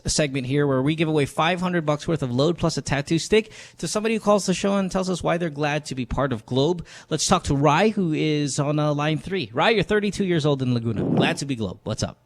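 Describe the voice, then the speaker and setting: A man hosting a late-night call-in show, chatting loosely and crudely with plenty of fillers. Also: fairly quick. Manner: loose and crude, many fillers, lively swings in pitch. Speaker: podcast host. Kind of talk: casual radio call-in banter.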